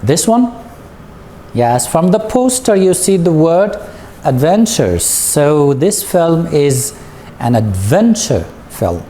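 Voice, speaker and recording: Guy teaching english slowly, lots of up and down in his voice, asks the class stuff, soft noise underneath. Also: on the high side, big pitch swings. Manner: patient, drawn-out, leads with questions. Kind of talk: slow recorded classroom lesson.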